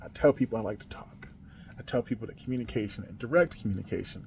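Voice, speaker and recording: A man from the United States hosting a podcast, talking on his own in a casual monologue, emphatic, spelling words out and swinging from quiet to loud. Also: fairly low pitch, quick pace, gravelly, a little hiss or hum. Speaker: podcast host.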